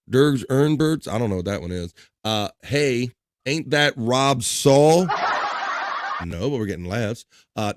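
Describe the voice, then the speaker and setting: A male live-stream host reels off viewers' chat messages one after another, tossing in crude banter and little chuckles. His voice sits at an ordinary middle pitch, and the sound is close and dry with no room around it. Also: dry recording.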